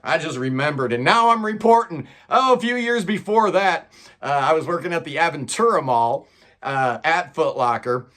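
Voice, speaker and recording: A middle-aged man telling stories in a chatty, animated way, often saying "man". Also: a little high, normal speed. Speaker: channel host telling celebrity stories. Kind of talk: casual storytelling monologue.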